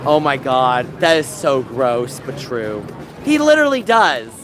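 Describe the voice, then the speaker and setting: A man livestreaming from outdoors, talking to chat in an animated, mocking, sarcastic way. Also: medium pitch, unhurried, over music. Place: outdoors in a busy public area. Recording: outdoor street noise with passing vehicles.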